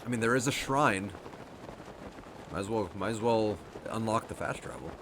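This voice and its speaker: A man's voice: on the low side, moderate pace, noisy background. A man giving casual let's play commentary who thinks aloud, laughs often and swears freely. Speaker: game streamer.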